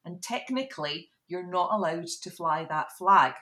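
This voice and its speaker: A Scottish woman co-hosting a podcast, explaining history in a lively, informative way. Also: lowish voice, normal speed. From Scotland. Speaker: podcast co-host. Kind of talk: explanatory casual chat.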